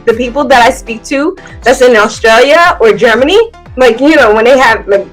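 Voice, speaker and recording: A woman's voice: a little high, animated, normal speed, faint music behind, poor audio. A woman hosting a podcast interview, chatting casually and laughing, often turning to the audience as "y'all". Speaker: podcast host.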